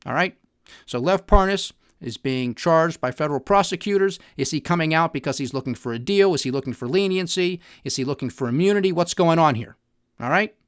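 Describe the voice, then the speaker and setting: A man's voice: a little high, animated, brisk, clean tone, no echo, clean studio sound. Emphatic man hosting a political podcast. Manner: emphatic, repeats "All right?" to the listener. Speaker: podcast host.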